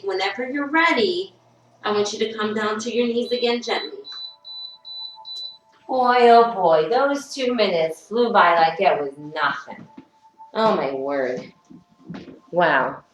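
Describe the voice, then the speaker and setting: A woman's voice: mid-range voice, a bit bright, slight background noise. A woman leading a home workout as a fitness instructor, upbeat and encouraging, chatting and telling stories between cues. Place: her workout studio, indoors. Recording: echoey room with faint music.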